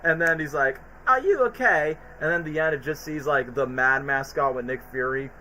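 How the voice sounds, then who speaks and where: A man on a stream, excitedly retelling cartoon parody scenes and slipping into quick character voices. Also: mid-range voice, slight background noise, low-quality recording. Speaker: stream co-host.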